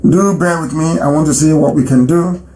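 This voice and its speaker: Emphatic man with high voice, echoey room. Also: moderate pace, warm tone. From Nigeria. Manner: emphatic, repeats phrases for stress. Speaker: radio host taking calls. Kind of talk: live radio broadcast address. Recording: roomy echo.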